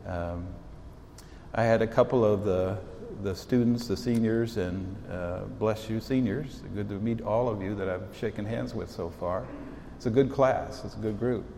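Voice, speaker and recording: A bishop in his sixties speaks to students in a relaxed, folksy storytelling manner. His voice is dark and mellow, with a lot of roomy echo and a long hall reverb behind it. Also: lowish voice, normal speed, vocal fry, a little hiss or hum. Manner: folksy storytelling, warm asides. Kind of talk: informal address to students. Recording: echoey hall, long reverb, faint ambience.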